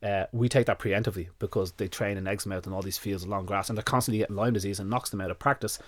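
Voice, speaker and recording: A man's voice: on the low side, steady tone, rapid-fire, no echo. A man being interviewed on a podcast as a dog nutrition expert, telling a story with lots of quoted back-and-forth and casual swearing. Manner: swears freely, retells events in quoted dialogue.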